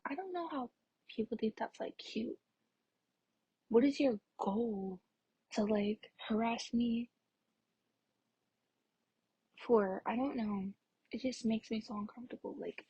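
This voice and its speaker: A young woman vlogging in a very breathy, airy voice that keeps slipping into a half-whisper. Her pitch sits a little on the high side, and she fills her rambling with "like." She sounds exasperated as she talks straight to camera. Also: unhurried, pauses often, muffled recording. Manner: soft-spoken, frequent "like" fillers, exasperated. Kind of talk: casual vlog rant.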